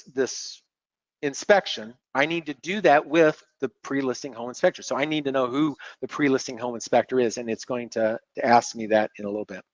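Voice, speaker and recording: Man walking through software, dull webinar audio. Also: mid-range voice, no echo. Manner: relaxed, explanatory, repeats words while clicking. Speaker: software demo presenter. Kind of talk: screen-share webinar walkthrough.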